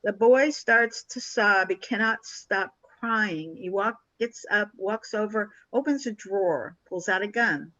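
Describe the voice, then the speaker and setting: An older woman tells a story with animated energy, slipping into the voices of the people she describes. The sound is dull and lo-fi, with a dry, close feel and no room around it. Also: medium pitch, measured pace, few pauses, dry recording. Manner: animated storyteller who acts out quoted dialogue. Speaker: guest. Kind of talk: storytelling in a conversational interview.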